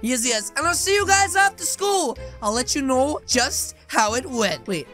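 A woman hosting a game role-play as a wolf kid, hyper and jokey, often shouting. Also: high-pitched, expressive, moderate pace, soft background music. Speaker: gaming channel host.

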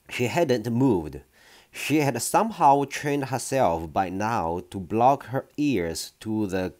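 A man reading a children's novel aloud in an unhurried storytelling manner, with small slips. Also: fairly low pitch, darkish tone. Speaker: reader.

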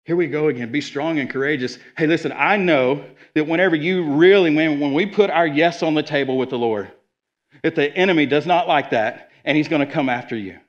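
A man preaching a sermon as a guest speaker, with energetic, conversational delivery and quick asides. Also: on the high side, muffled recording. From Arkansas. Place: church sanctuary.

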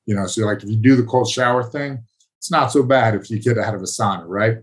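Husky laid-back man, low voice. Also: brisk. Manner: laid-back, self-mocking, rambling. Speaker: podcast guest, former fighter. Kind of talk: casual interview talk.

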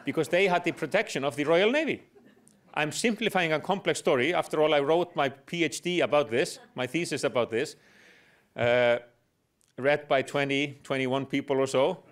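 Brief: middle-aged man lecturing in English, slightly high voice, wry humor, pauses on "uh". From Iceland. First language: Icelandic. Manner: explanatory with dry humor, hesitant fillers. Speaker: guest lecturer. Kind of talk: public lecture.

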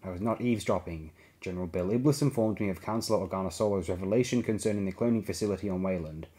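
A man's voice: low voice, quick pace, dark tone, close to an everyday voice. A man voicing a proud furry male alien diplomat in an audiobook, speaking formally and snarling when angered. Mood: stiff formal. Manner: formal, stiff, hisses and snarls when angry.

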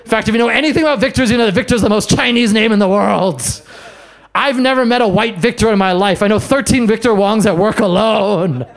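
A man doing a stand-up set in a comedy bar, brash and self-mocking, with quick asides to the crowd. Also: sits high. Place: comedy bar in front of a live audience.

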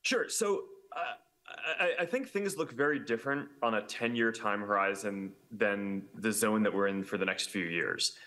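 Man, 30s, interview guest, bright forceful tone, halting fast talk. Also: fairly low pitch. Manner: fast, halting, many fillers and restarts. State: has the hiccups. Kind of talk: casual chat.

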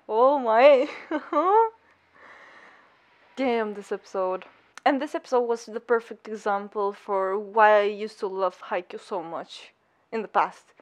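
A woman reacting to an anime episode as she watches, gasping, squealing and gushing, while saying she feels unwell. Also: mid-range voice. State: unwell, not feeling great. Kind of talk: excited live reaction commentary.

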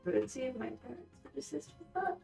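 A woman player in a tabletop game, chatting casually and quick to joke. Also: high-pitched, very animated, gravelly, dark tone. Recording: roomy room with music underneath.

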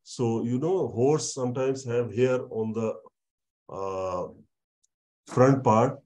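Man lecturing, mellow voice. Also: medium pitch. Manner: explains slowly, repeats words, many fillers. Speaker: university lecturer. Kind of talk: online lecture.

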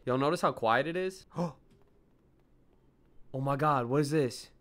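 A young man streaming a horror game, chatting with viewers in slang and yelping and shouting at every scare. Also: medium pitch, measured pace. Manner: excitable, yelps and shouts at scares. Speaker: gaming streamer. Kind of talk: live gameplay commentary to chat.

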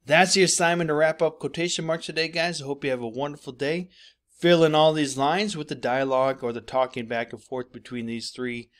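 A man's voice: a little high, fairly even intonation, a little fast, a bit bright. Man, teacher, recorded lesson, explanatory, talks directly to students.

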